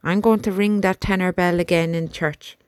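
A woman voicing a gentle young male soldier who talks softly and reassuringly to his horse, in an audiobook. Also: on the low side, steady tone, moderate pace, clear, resonant tone, no room sound, close to an everyday voice. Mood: determined. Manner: soft, chatty, reassuring talk to a horse.

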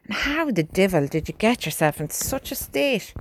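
A woman doing a gentle young soldier. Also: mid-range voice, sing-song, moderate pace, slight background noise. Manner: soft, coaxing. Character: gentle young male soldier, kind with horses.

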